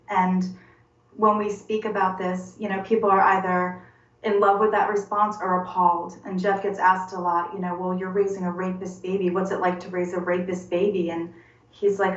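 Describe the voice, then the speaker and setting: A woman in her forties giving a personal testimony in an interview, halting and earnest, often repeating words as she searches for them. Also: medium pitch. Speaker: interview guest. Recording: roomy, distant and dull-sounding.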